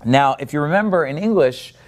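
A man giving a Bible-language lesson at a board, explaining patiently and slowing down to stress syllables when he models words. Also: fairly high pitch, animated. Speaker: teacher.

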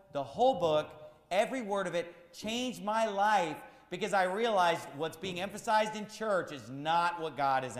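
A man's voice: sits high, echoey room, big-room sound. A man preaching a sermon as pastor, firing rhetorical questions in a repetitive, emphatic cadence.

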